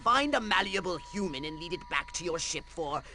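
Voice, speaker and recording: A man's voice: sits high, lively intonation, fairly quick, pushed and bright, a little hiss or hum, exaggerated voice. A man voicing a scheming, condescending alien commander in video game dialogue. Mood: bossy. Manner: commanding, sneering.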